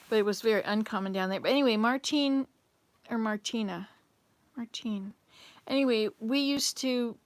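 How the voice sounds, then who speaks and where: A woman's voice: medium pitch, dry recording. An older woman hosting a casual livestream, rambling through memories and answering viewers' comments as she goes. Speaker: livestream host reading chat. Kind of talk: casual live chat. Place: home, in Canada.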